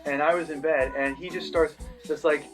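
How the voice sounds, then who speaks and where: Easygoing male co-host with a higher voice. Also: steady tone, normal speed, over music. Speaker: co-host of a review show. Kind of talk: casual chat.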